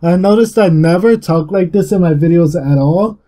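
A young man giving casual, rambling gameplay commentary, swearing freely and talking louder and more energetic than usual. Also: high-pitched, moderate pace. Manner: rambling and heavily profane. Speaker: gaming YouTuber.

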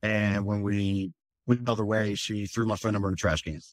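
A firefighter, telling a candid, rambling personal story in an interview, full of fillers and swearing. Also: male voice, on the low side, steady tone, a little fast, no room sound.

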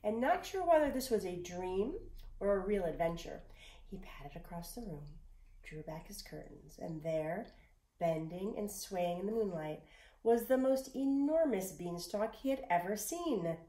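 A woman reads a storybook aloud in a voice of middling pitch. She is expressive, sometimes sinking to a whisper and sometimes addressing the listener directly. The sound is roomy and echoey. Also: a little slow.

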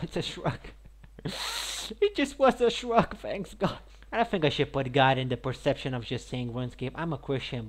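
A man talks his way through a game session in a loose, rambling stream of chatter. He says "like" and "mate" constantly and breaks into loud, high shouts before dropping back to a mumble. His voice sits at an ordinary middle pitch. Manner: says "like", "mate" and "I guess" often. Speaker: gaming YouTuber. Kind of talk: casual gameplay commentary.

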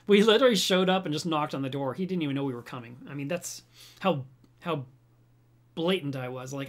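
A man's voice: on the high side, quick pace. Chatty man hosting a reef livestream. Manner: chatty, animated storyteller. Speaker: reef aquarium livestream host. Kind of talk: casual livestream chat, reading viewer comments. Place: home room on webcam.

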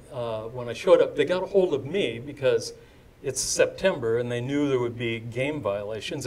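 A man's voice: mid-range voice, a little mellow. An older man telling a story to a live audience, chatty and digressive, with asides to the crowd. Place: indoor event before a live audience.

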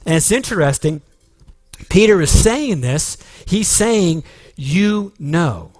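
A man's voice: sits high, sing-song, slow, a little mellow, no room sound. A man preaching a sermon as pastor, earnest and emphatic, with frequent restarts.

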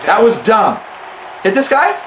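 A man's voice: high voice, wildly swooping pitch, unhurried, reverberant, a crowd in the background. A young man hosting a gaming channel, giving sarcastic let's-play commentary and talking back to an in-game coach.

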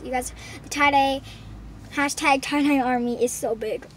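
A woman's voice: high voice, fairly even intonation, normal speed, far from the mic, slight background noise. A young woman vlogging, gushing and tumbling over her words as she thanks her subscribers. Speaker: channel owner. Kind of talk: excited vlog thanks to subscribers.

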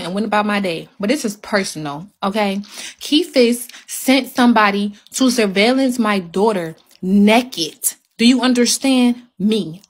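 A woman with a fairly high voice, speaking heatedly to her viewers on a phone livestream. She is emphatic and drives each point home by repeating it.

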